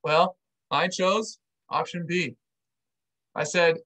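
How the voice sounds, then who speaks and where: High-voiced man telling an army story. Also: moderate pace, rough recording. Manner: animated, acts out dialogue. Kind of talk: casual storytelling to camera.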